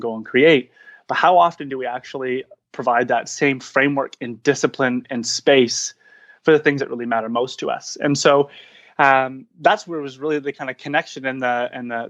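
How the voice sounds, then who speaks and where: Earnest searching man on a lo-fi line. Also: medium pitch. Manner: earnest, searching phrasing with frequent restarts and fillers. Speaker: podcast guest, founder of a coaching practice. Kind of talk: reflective interview talk.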